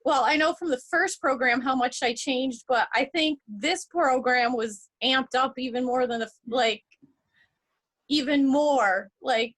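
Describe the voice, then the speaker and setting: A woman's voice: high-pitched, unhurried, a bit bright. A woman giving a heartfelt testimonial in a casual interview, rambling and restarting her sentences. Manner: emotional, rambling, restarts a lot.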